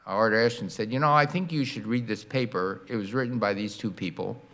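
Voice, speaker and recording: An older man in his sixties giving a public science lecture as a guest lecturer, animated and acting out sound effects to explain ideas. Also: lowish voice, a little fast. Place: lecture hall.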